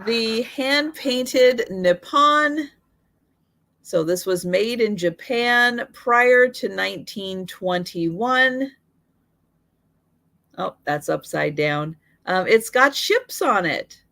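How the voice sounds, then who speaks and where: A woman's voice: on the high side, expressive, bright, forceful tone. A woman hosting a live online sale, listing vintage items and prices one by one with fillers, her voice slightly worn. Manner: slow, item-by-item pricing with fillers.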